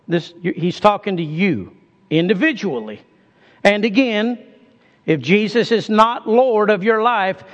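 A man's voice: high voice, in a large hall, lo-fi sound. A man preaching a sermon in a folksy way, calling on his congregation to answer back.

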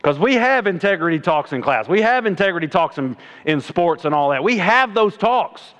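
A man preaching a sermon in a plainspoken, folksy way, swinging from loud exhortation to low mocking asides. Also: very animated, normal speed. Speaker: preacher and middle school coach.

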